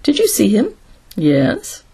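An earnest, anxious young male engineer in a sci-fi audiobook, read by a woman. He explains things carefully, in a soft, slightly breathy voice. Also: medium pitch, huge pitch swings, slow, exaggerated voice.

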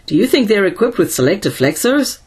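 A woman's voice: medium pitch, big pitch swings, brisk, a little mellow, breathy edge. A woman voicing a grim, level-headed male engineer who speaks dryly and steadily. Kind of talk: audiobook character voice.

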